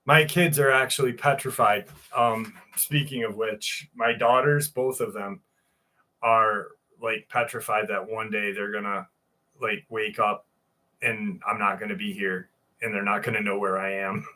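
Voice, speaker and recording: A man's voice: on the low side, steady tone, a little slow, sharp tone. A man hosting a live stream, chatting casually and reading a listener's story aloud. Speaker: host.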